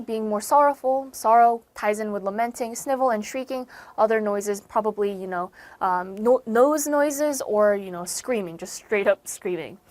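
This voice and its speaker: In an online English lesson, an American woman with a slightly high voice and no room sound works through vocabulary. She is patient, going over words again and putting them in other terms, and she punches key words with sudden emphatic stress.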